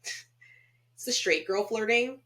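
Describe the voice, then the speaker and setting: A woman hosting a podcast, chatting casually and retelling scenes in an animated way. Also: a little high, takes it slowly. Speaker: podcast host.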